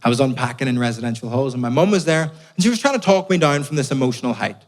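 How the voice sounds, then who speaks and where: On stage in a live stand-up set, a Belfast comedian from Northern Ireland tells exasperated, sweary stories in his Belfast accent. He talks fast, with a medium pitch and lively intonation.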